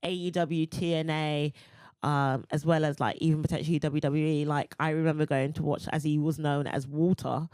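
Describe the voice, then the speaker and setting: A woman's voice: deep voice, flat delivery, normal speed, a little mellow, smooth, no room sound, studio quality. A woman from England hosting a podcast, chatty and teasing, laughing often. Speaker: podcast host. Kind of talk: casual podcast chat.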